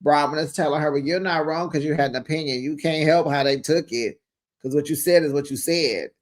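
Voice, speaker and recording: A man's voice: on the high side, a little fast. A man hosting a casual reality TV recap, chatty and gossipy, acting out the cast's lines with sass. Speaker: host.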